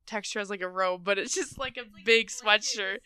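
A woman's voice: mid-range voice, moderate pace, bright, forceful tone. A young woman with an Upper Midwest American accent hosting a casual chat, giggly and chatty, with plenty of fillers. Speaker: podcast host.

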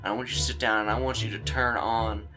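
A man's voice: on the low side, fairly even intonation, fast talker, music in the background. A man running a tabletop horror game as game master, joking and loose in his talk.

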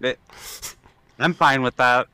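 A man's voice: medium pitch, fairly even intonation, slow, bright, forceful tone, smooth, dry recording. A man co-hosting a podcast in easygoing, agreeable casual chat, also reading listener reviews aloud. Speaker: podcast co-host.

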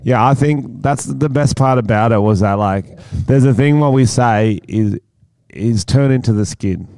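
An Australian man co-hosting a comedy podcast, laughing often and swearing casually in relaxed chat. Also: medium pitch, normal speed, no room sound. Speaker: podcast co-host.

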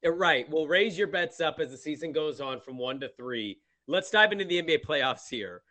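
A man hosting a casual sports betting chat, teasing his co-host in emphatic, quick bursts. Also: on the high side, expressive, pushed and bright, no echo. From Portland, Oregon.

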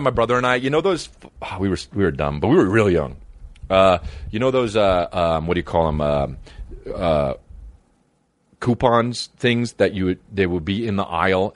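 A man's voice: sits low, no room sound. A young man reacting to videos in rambling, profane casual commentary, full of stammered restarts.

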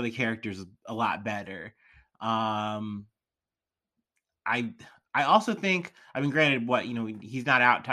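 A man's voice: lowish voice, pushed and bright. A young man from the American Midwest hosting a casual solo podcast, rambling and chatty with many fillers. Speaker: podcast host.

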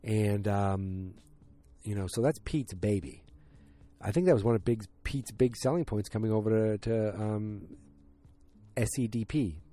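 A man with a lowish, mellow voice talks through a TV episode recap in a loose, casual way. He rambles, restarts sentences and leans on fillers, then picks up speed when the story gets tense. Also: unhurried. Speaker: TV show recapper.

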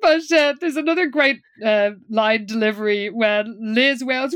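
A woman with a fairly high voice hosts a relaxed recap podcast. She retells the plot in a dry, amused way and drops in quoted lines. Her talk stays easy and chatty. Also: normal speed, few pauses. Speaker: podcast co-host. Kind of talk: casual recap chat.

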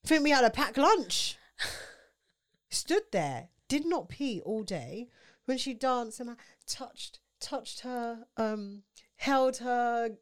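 A woman's voice: fairly high pitch, animated, slow pace. A young woman, co-hosting a podcast, chatting casually and rambling, with lots of swearing and laughter. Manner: swears a lot, rambling, bursts into laughing-crying. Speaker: podcast co-host.

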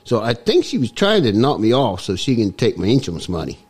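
A man's voice: on the low side, wildly swooping pitch, fairly quick, a little mellow, husky, full character voice. A man putting on a Cockney accent while telling a rambling tall tale with chuckles in a garage. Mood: joking.

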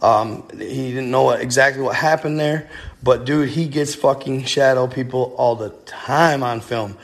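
A man's voice: medium pitch, a little slow. A man casually telling a ghost story, rambling and swearing, with lots of restarts. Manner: rambling and profane, with many restarts.

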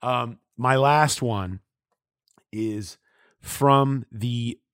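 Male podcast host, mid pitch, dry close mic, animated and ranty, casual sports chat. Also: very slow, no echo. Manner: animated, ranting, mimics others mid-story.

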